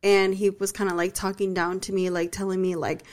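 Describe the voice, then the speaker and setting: A woman's voice: medium pitch, little pitch movement, fairly quick, darkish tone. A young woman co-hosting a podcast, chiming in with matter-of-fact remarks in casual chat. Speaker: podcast co-host.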